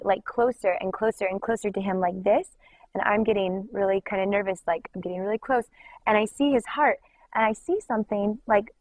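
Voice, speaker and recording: A woman's voice: medium pitch, dry recording, poor audio. Young woman, personal testimony, earnest, emotional, chatty fillers, dry recording. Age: young adult. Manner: emotional, earnest storytelling with many "like"s. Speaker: worship leader giving a testimony.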